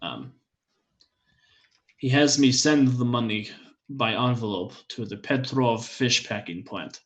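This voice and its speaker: A man's voice: mid-range voice, animated. A man putting on a greasy shopkeeper. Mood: nervous. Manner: slow, oily salesman patter. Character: big greasy Russian shoe shopkeeper man.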